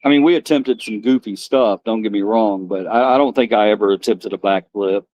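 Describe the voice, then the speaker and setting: This middle-aged livestream host talks casually on a live stream, meandering through old stories and chuckling at himself. He speaks fairly quickly with a fairly low, darkish voice, and the lo-fi recording has no echo.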